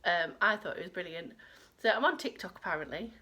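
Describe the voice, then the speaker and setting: A woman's voice: on the low side, expressive, brisk, pushed and bright. A woman hosting a crochet podcast from home, rambling in casual chat with lots of fillers. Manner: rambling, chatty, with many fillers.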